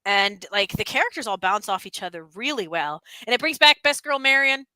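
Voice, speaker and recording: A woman hosting a casual stream, chatting and ranting excitedly and laughing often. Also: on the high side, fairly quick, smooth, no echo, low-quality recording. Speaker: streamer host. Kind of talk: casual chat.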